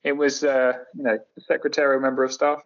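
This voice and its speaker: A man's voice: medium pitch, flat delivery, fast talker, dull audio. A middle-aged man chatting as a podcast guest, sardonic and jokey as he tells stories. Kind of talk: casual chat.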